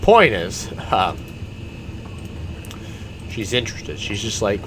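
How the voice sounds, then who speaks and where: A man's voice: deep voice, measured pace, long pauses, noisy background. A man, a gaming YouTuber, giving casual, rambling commentary while he plays a game. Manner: rambling, meandering storytelling.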